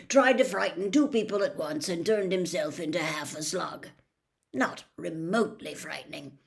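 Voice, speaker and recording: A woman's voice: on the low side, vocal fry. A woman reading the part of a kind, patient middle-aged male teacher in a storybook. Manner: gentle, patient, encouraging.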